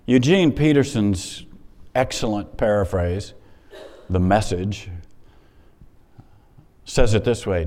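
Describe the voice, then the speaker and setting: A man preaching a sermon in a conversational, animated way, stopping often to explain the Scripture he reads. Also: on the low side, slow, pauses often. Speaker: pastor. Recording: hall reverb.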